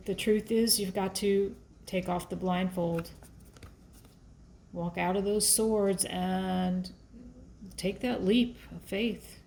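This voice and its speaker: Chatty tarot reader woman, gravelly edge. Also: medium pitch, darkish tone, slight background noise. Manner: emotional, chatty, thinks aloud while pulling cards. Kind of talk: casual tarot reading to camera.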